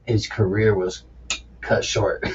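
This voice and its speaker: A man's voice: on the low side, huge pitch swings, extremely slow, slight background noise. A man hosting a casual podcast chat, speaking loosely with swearing and frequent laughter. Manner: casual, profane, laughs often. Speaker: podcast host. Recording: dull lo-fi sound.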